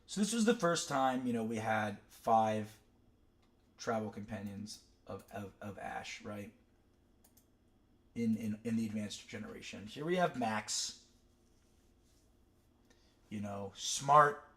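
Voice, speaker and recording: Slow and given to long pauses, a young man's fairly bright voice sits on the low side as he chats casually on a stream while ranking cartoon characters. His stories meander through side tracks and plenty of fillers.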